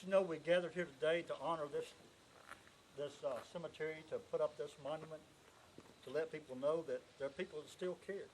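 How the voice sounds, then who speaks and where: A man from Alabama delivers an earnest, emotional speech outdoors at a cemetery, his voice sitting a little high. Steady background noise from the open air runs under the camcorder recording. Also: low-quality recording. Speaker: speaker at a marker dedication.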